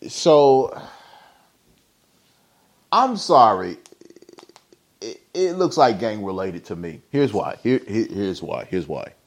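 A man's voice: on the low side, very animated, slow pace, long pauses. A man hosting a podcast, giving rambling, opinionated commentary with many fillers. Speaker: podcast host. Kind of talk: casual commentary.

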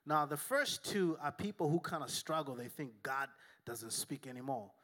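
Preaching in church at a moderate pace, a male pastor sounds expressive, bright and forceful, his voice a bit higher than the average man's. He blends emphatic delivery with humor and call-and-response exchanges with the congregation.

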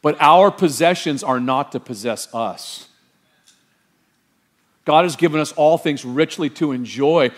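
Man pastor, middle-aged, high-pitched, animated sermon delivery. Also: a little slow, long pauses. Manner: animated, quizzes the congregation with rhetorical questions.

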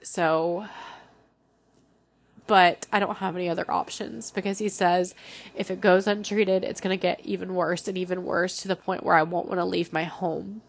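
A young woman hosting a personal podcast, talking candidly and emotionally, often pausing and restarting her sentences. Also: on the low side, steady tone, gravelly. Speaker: podcast host.

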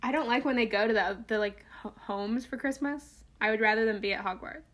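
Young woman chatting on a podcast, bright and a bit high, giggles a lot. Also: a little fast. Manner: giggly, quotes film lines in character. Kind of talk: casual chat.

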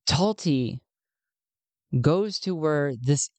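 A woman's voice: sits low, animated, very slow, a little mellow, no echo. A woman narrating a solo tabletop game, thinking aloud as she rolls dice.

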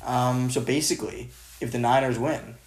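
A man's voice: mid-range voice, steady tone, normal speed. A young man from Maryland co-hosting a casual sports chat, rambling with lots of filler words. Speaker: podcast co-host. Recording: roomy echo.

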